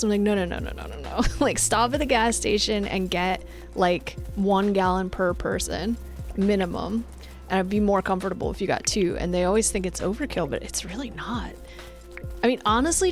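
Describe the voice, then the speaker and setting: Young woman streamer, gravelly voice, chatty and bossy, laughs often, faint music behind. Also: mid-range voice. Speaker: Twitch streamer. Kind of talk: casual chat with live chat.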